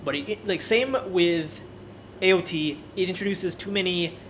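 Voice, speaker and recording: High-voiced man ranting casually. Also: moderate pace, slight background noise. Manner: animated, profane, frequent restarts. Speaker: anime video creator.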